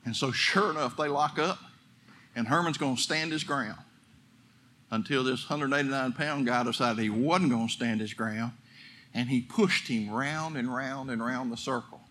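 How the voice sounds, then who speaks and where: A man's voice: medium pitch, normal speed, fairly bright tone, slight background noise. A man pastor preaching a sermon, telling a story and building to fervent exhortation.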